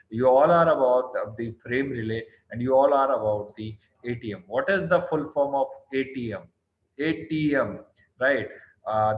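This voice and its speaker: Teaching an online class in Indian English, a stern man with a mid-range voice quizzes students by name, often asks "right?", and scolds them on their tone. The online call audio sounds roomy and dull, with slight background noise.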